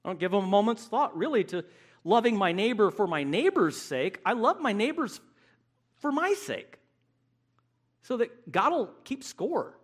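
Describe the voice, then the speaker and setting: Man, sermon, high voice, very animated delivery, emphatic. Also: measured pace, slightly rough. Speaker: preacher.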